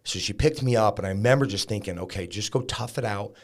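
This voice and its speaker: Low-voiced guy on a podcast, talks straight and casual, lots of likes, swears a bit. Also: fast talker. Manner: frank, conversational, peppered with likes and profanity. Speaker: podcast guest. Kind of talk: candid storytelling about recovery.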